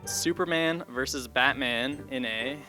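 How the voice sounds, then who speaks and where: A teenage boy hosts a comic debate contest with an upbeat, announcer-like delivery. His voice is very sharp and tense, and faint music plays behind him. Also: mid-range voice, unhurried. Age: teens. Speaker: host of a debate game. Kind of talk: hosting a comedy contest.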